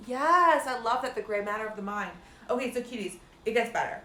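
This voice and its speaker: Animated and fairly quick, this woman speaks in a fairly high, bright, forceful voice, recorded with a roomy echo. She's a life coach and meditation guide giving a chatty, profane spiritual pep talk, peppered with "like" and addressing her audience as "cuties."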